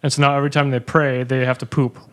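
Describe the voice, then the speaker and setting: A man hosting a casual podcast who talks quickly at a middle pitch. He is blunt and jokes with his co-hosts. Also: flat delivery, a bit bright. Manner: joking, blunt. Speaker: podcast host.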